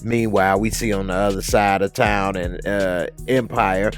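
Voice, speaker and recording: A man hosting a casual TV recap, telling the story in lively, slangy vernacular and acting out the scenes. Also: lowish voice, moderate pace, faint music behind. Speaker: TV show recap host.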